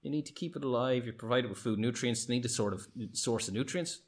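A man's voice: mid-range voice, quick pace. A man in a casual film discussion, explaining his ideas and thinking aloud.

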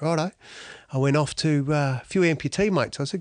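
Middle-aged Australian athlete, blunt and salty, telling stories in a dry, close recording. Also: male voice, on the high side, fairly quick, no echo. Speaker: interviewee, athlete. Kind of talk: storytelling interview answer.

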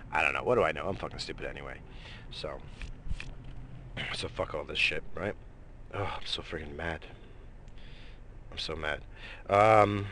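A man's voice: low-pitched, a bit bright, a little hiss or hum. A man hosting a radio show, rambling casually with lots of swearing and fillers. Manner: profane, rambling, many fillers.

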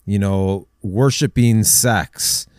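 A man's voice: fairly low pitch, slow pace, darkish tone, clean tone, no room sound, studio quality. A man hosting a casual Christian men's talk, telling stories in an earnest, chatty way. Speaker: host.

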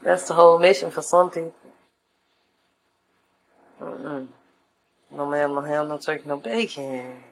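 A woman's voice: low-pitched, unhurried, pauses often, slight background noise, poor audio. A woman talking in a laid-back, slangy casual monologue, giving life advice to her viewers. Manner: laid-back and slangy, acts out voices in anecdotes.

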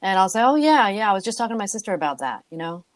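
A woman's voice: mid-range voice, sing-song, very fast, no echo. A middle-aged woman co-hosting a casual chat podcast. She talks in an easy, chatty way and laughs often. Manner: giggly, chatty, reacts with frequent laughs. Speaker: podcast co-host.

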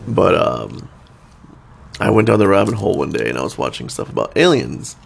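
Gravelly low-voiced man in casual chat. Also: big pitch swings, fairly quick. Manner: laid-back, rambling, laughs often. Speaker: podcast co-host.

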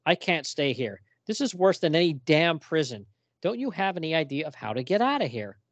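Dude reading a desperate rough guy, plain delivery, slightly high, dry. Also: sing-song, a little fast, no echo. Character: desperate rough adult man trapped indoors.

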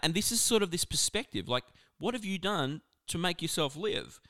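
A man giving a casual, conversational sermon on scripture, animated and full of asides. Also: fairly high pitch, normal speed, hardly any pauses, dry recording, clean studio sound. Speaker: preacher.

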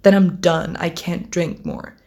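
A woman's voice: on the low side, very animated, a little slow, creaky, a little mellow. A teenage girl chatting casually to camera as a vlogger, rambling, giggling often and swearing offhandedly. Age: teens.

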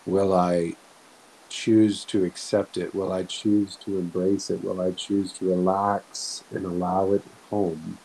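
Low-voiced guy musing softly about spiritual stuff, slow and earnest, faint hiss behind. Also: little pitch movement, low-quality recording. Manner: slow, soft-spoken, earnest, with frequent restarts. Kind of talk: reflective spiritual talk.

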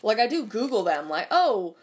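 A woman's voice: medium pitch, lively intonation, measured pace. A young adult woman ranting casually about politics and work, swearing often and rambling with lots of fillers.

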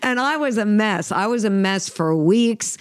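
A middle-aged co-host on a faith podcast tells an emotional personal story in a heartfelt, conversational way, earnest but peppered with fillers and restarts. She speaks at a measured pace in a mid-range voice with lively intonation, and the studio-quality audio has no echo.

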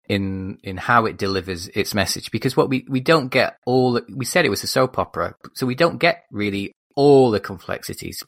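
A man's voice: on the low side, no echo, clean studio sound. A man, co-hosting a podcast and chatting animatedly about a film, often stopping to restart his sentences. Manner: animated, self-interrupting film commentary. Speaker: podcast co-host. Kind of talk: casual chat.

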